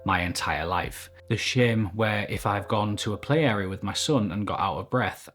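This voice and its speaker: Man, low-pitched, candid vlog, reflective, self-critical, home recording, faint music bed. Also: fairly bright tone. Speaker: vlogger. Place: indoors at home, upstairs. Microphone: camera mic at desk.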